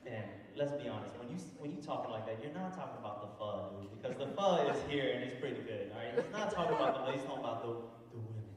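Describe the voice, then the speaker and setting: A man's voice: mid-range voice, quick pace, few pauses. A man in his thirties doing a stand-up comedy set, acting out voices, recorded from a distance in a noisy hall with laughter behind. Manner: animated, acts out voices and mock accents. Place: large hall before a live audience. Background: audience laughter.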